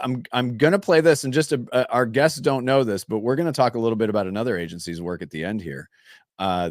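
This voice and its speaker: A man's voice: sits low, no echo, clean studio sound. A man from Minnesota hosting a livestream show, introducing guests and plugging upcoming episodes in a chatty, upbeat way. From Minnesota, USA. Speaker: show host.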